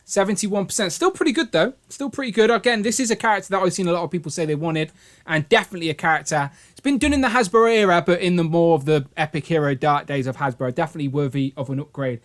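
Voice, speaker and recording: A chatty man hosting a livestream, with a slightly higher voice than most men. He jokes around and reads out comments from the chat in a relaxed, rambling way. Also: quick pace. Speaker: livestream host.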